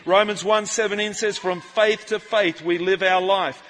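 A man preaching with a high, bright and ringing voice. He jumps between playful asides and loud calls to the crowd, and his words echo around a large church hall. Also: moderate pace, a little hiss or hum. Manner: animated, jokey, shouts out to the crowd. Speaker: pastor. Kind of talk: lively church sermon. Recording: live sermon in a reverberant church hall.

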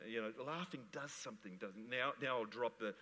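Animated preacher man in a reverberant church. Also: mid-range voice, fairly quick. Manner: animated preaching with jokes and laughter. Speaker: pastor. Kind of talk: sermon. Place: church hall.

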